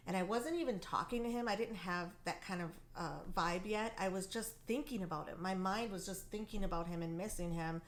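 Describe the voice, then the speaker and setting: A woman from Wisconsin, co-hosting a talk show, sharing a personal story in an earnest, animated way. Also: on the low side. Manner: earnest, animated, many ums. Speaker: co-host. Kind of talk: casual storytelling.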